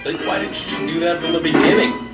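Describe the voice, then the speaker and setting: A man's voice: on the high side, little pitch movement, quick pace, loud music behind the voice. A man in casual chat, sarcastically mocking a film as he watches it and swearing freely. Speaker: co-host watching a movie. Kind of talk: casual movie reaction chat. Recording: roomy, distant mic, loud film soundtrack behind. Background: film audio playing.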